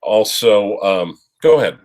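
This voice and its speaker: A man's voice: on the low side, big pitch swings, a little slow, darkish tone. A man co-hosting a live stream, chatting casually and giving rambling advice with fillers. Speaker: co-host of a watch live stream.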